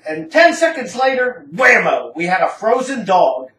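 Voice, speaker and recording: A woman's voice: medium pitch, sing-song, unhurried, a bit bright, slight background noise. A woman giving a dramatic first-person story reading in a rambling, casual, slangy manner. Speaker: narrator. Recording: roomy, distant from the mic.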